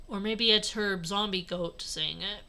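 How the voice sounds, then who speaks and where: A woman's voice: medium pitch, bright, forceful tone. A woman reading a fanfic aloud and breaking off for giggly, sarcastic commentary. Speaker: reader.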